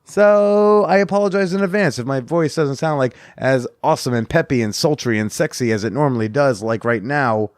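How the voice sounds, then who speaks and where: A man hosting a podcast in casual chat, his voice hoarse and blown out, chatty and self-mocking, laughing often. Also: medium pitch, normal speed, few pauses, no room sound, clean studio sound. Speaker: podcast host.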